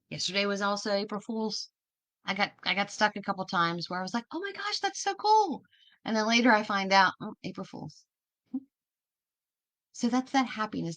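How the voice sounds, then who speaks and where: Woman host, casual inspirational monologue, warm-hearted pep talk, chatty with questions. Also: mid-range voice. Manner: chatty, encouraging, asks many questions; laughs easily, restarts words.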